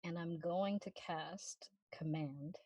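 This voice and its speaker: A woman's voice: lowish voice, takes it slowly, a little mellow, husky, no room sound. A woman playing her character in a tabletop game, playful as she describes her actions. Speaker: player. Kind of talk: tabletop role-play.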